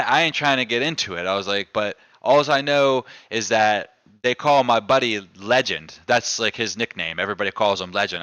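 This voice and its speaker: A man hosts a casual live stream and tells stories in a loose, profane way. His voice sits low, bright and smooth. The sound is dry and close. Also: no echo. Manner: loose, profane, animated when telling a story. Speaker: streamer host. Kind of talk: casual storytelling chat.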